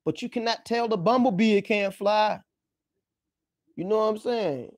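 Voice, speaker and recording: A man's voice: high-pitched, moderate pace, dry recording, studio quality. A man hosting a livestream, rambling loosely through a profane casual monologue, exclaiming often and breaking into laughs. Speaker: livestream host.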